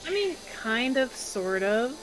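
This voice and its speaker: A woman's voice: on the high side, sing-song, slow pace, music in the background, rough recording. A woman chatting casually as a guest on a gaming stream, laid-back and a little hesitant. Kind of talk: casual chat while gaming.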